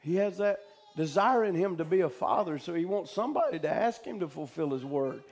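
A male preacher delivering a fervent sermon, shouting out loud cries and then dropping to hushed talk. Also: on the high side, animated, brisk.

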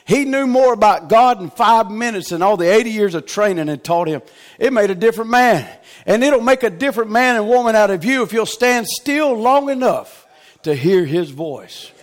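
A man preaching a revival sermon, swinging from shouted exhortation to hushed, near-whispered tenderness. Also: sits high, lively intonation, moderate pace.

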